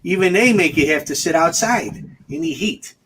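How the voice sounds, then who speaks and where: A man co-hosting a casual comedy chat show, rambling in a deadpan way. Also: a little high, moderate pace, a little hiss or hum. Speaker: co-host.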